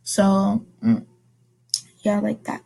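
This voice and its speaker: A woman casually telling a personal story as a vlogger, rambling and correcting herself with quick asides. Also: mid-range voice, monotone, gravelly, warm tone.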